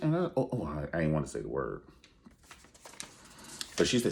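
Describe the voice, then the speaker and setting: A man giving a sassy, profane reality TV review, acting out quotes in high voices. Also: sing-song, moderate pace, creaky, pauses often, slight background noise. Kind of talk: animated casual commentary.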